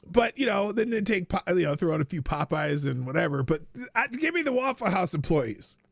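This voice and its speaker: A man's voice: sits high, very animated, brisk, creaky, no room sound, clean studio sound. A man hosting a live stream, chatting casually and rambling, with frequent laughs and restarts. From United States. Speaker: livestream show host.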